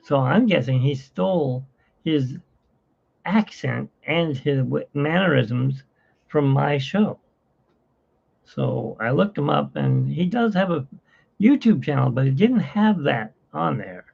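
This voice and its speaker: A man's voice: fairly high pitch, lively intonation, slow, creaky, husky. A man hosting a casual livestream from his phone, rambling and chatty with frequent laughs, in dull lo-fi phone audio. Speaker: livestream host.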